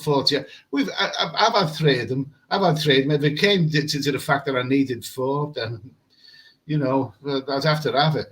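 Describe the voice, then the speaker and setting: A man's voice: mid-range voice, fairly bright tone, poor audio. A man chatting casually on a live stream from a hotel room, rambling and repeating words as he reads comments. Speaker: travel vlogger. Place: hotel room with air conditioning.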